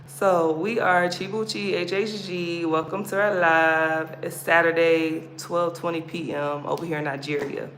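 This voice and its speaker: A woman's voice: on the low side, steady tone, unhurried, few pauses, a bit bright. Woman, livestream host, casual chat, playful, roomy echo. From United States. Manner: chatty, laughing, playful. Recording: roomy echo, background noise.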